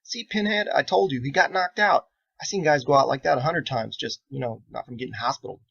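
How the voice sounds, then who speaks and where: A man voicing a brash young sailor who brags loudly in slang. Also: medium pitch, a little fast, creaky, breathy edge, lo-fi sound, voice pushed up. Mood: bragging. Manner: loud slangy bragging.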